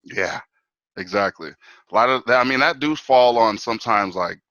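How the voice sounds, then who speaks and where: A man guesting on a sports talk show, talking as an animated fan, full of "bro" and "man". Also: lowish voice, normal speed, dry recording, dull audio.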